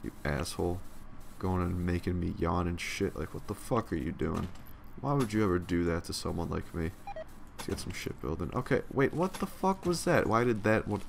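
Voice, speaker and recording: A man's voice: low voice, normal speed, creaky, slight background noise. A young man giving casual gameplay commentary, profane, sarcastic and tired, grumbling at the game. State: yawning, tired. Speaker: let's play commentator.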